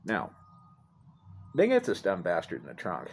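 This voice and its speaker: A man's voice: low voice, huge pitch swings, moderate pace, vocal fry, slight background noise. A middle-aged man telling a rambling, profane, self-deprecating story into his phone outdoors. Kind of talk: casual storytelling to a phone camera. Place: outdoors near apartments. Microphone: phone held by speaker.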